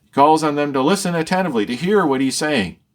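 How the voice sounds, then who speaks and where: A man's voice: fairly high pitch, lively intonation, fast. A man leading a verse-by-verse Bible study, reading each verse and then explaining and rephrasing it. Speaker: Bible teacher.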